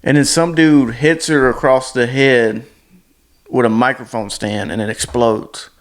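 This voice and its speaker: A man retelling a movie in a casual, unpolished ramble. He is blunt and crude, and he stops often for fillers and restarts. His voice sits at an ordinary middle pitch. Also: steady tone, measured pace.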